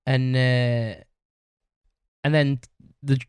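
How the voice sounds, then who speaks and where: Very slow and flat, with a mid-range, darkish yet clean tone and no echo, a man hosts his own podcast. He tells a long story in a casual monologue, blunt and rambling, swearing a lot and restarting often.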